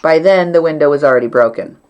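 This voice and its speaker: A woman's voice: low-pitched, fast talker, darkish tone, a little hiss or hum. A woman hosting an interview casually, playing clips and prompting her guest with questions. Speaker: interview host.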